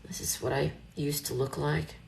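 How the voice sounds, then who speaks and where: A woman's voice: sits low, fairly even intonation, normal speed, creaky, a little mellow, a little hiss or hum. A middle-aged woman chatting casually on a live stream, rambling and reassuring herself as she talks. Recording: echoey room.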